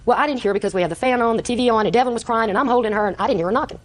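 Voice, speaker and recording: An older woman testifying in court, telling her story quickly and acting out the conversations she recounts. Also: fairly high pitch. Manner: rapid, breathless storytelling, acting out quoted exchanges. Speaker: litigant.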